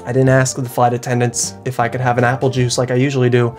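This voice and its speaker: A young man vlogging to camera in a loose, rambling way, poking fun at himself as he goes. His pitch sits mid-range for a man. Soft music plays faintly underneath. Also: completely flat delivery, quick pace. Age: young adult. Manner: rambling and self-mocking, with frequent laughs and restarts. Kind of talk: casual chat to camera.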